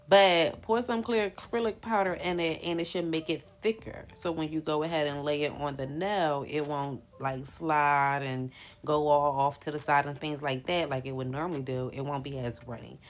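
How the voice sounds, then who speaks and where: A young woman with a low-pitched voice talks casually to her viewers as she makes press-on nails. Her speech is relaxed and colloquial, and she addresses the audience directly. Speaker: nail business vlogger. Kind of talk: casual chat to viewers while doing nails.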